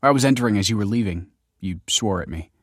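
A man's voice: fairly low pitch, fast talker, fairly bright tone, dry recording, studio quality. A man voicing a glum, troubled young man. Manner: glum, self-deprecating.

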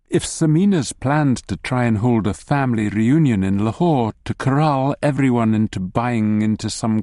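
Man, audiobook narrator, wry dry humour, mellow dark tone, dry close sound. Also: medium pitch, no echo. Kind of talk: audiobook narration in second person.

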